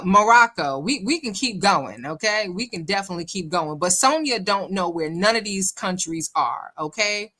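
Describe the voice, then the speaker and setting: A woman's voice: medium pitch, a bit bright. A woman from New York City hosting a casual livestream, chatting and reading viewer comments aloud with frequent laughter. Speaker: livestream host.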